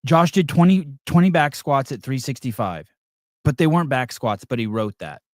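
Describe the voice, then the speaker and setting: A man's voice: medium pitch, animated, normal speed, no echo. Podcast host guy rambling thru a story, lots of uh and restarts, mid voice, dry close sound. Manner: rambling storyteller, many fillers and restarts, acts out quotes. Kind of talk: casual chat.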